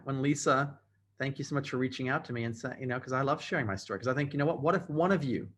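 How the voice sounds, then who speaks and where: A man's voice: mid-range voice, slightly rough. A man giving a motivational training talk over a video call, emphatic and repeating phrases for effect. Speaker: motivational speaker.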